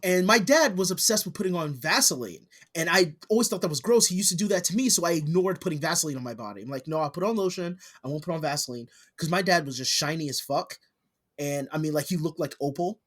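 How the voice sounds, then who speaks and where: A man's voice: on the high side, expressive, quick pace, a bit bright. A middle-aged man co-hosting a podcast, chatting casually, joking and swearing freely. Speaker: podcast co-host. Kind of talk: casual chat.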